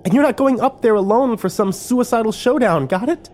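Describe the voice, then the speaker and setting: A male audiobook reader voicing a tough, blunt young woman on the run, raising his pitch for her. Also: big pitch swings, a little fast, a little mellow, a little hiss or hum. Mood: fierce. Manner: pleading then fierce, raised pitch. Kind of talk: audiobook dialogue.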